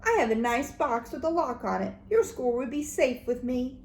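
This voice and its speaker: A woman's voice: high-pitched, expressive, normal speed, darkish tone. A woman reading the lines of a polite, literal-minded housekeeper in a read-aloud storybook, in a plain earnest voice. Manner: polite, earnest, matter-of-fact. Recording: echoey room, faint background noise.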